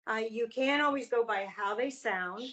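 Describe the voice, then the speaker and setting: Woman voice student chatting, a bit hesitant, thinks out loud. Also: on the high side, normal speed. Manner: hesitant starts, reflective. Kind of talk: conversational interview.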